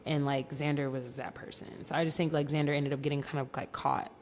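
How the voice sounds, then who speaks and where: A woman's voice: extremely low pitch, level tone, a little fast, darkish tone, slight background noise. A young woman co-hosting a podcast, chatting frankly and giving her opinions. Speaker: podcast co-host. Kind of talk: casual chat.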